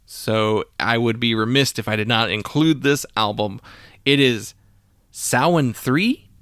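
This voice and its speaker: A man's voice: medium pitch, unhurried, a bit bright, no room sound. A man talks through a music podcast in a loose, casual way, full of fillers and side comments. His voice sits in a middle range. The recording is dry and close, with no room sound. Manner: casual, rambling with frequent fillers. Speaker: podcast host. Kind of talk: solo music podcast monologue.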